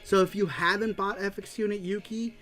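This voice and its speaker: A man hosting a casual livestream show, excitedly reading viewer comments aloud and laughing often. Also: sits high, brisk, faint music behind. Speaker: show host.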